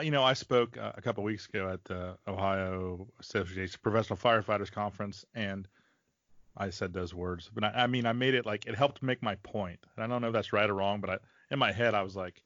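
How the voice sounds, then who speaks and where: Joking podcast host, lowish voice. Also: male voice, a little fast, no echo. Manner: joking, relaxed. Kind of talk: casual chat. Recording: dull, dry, lo-fi.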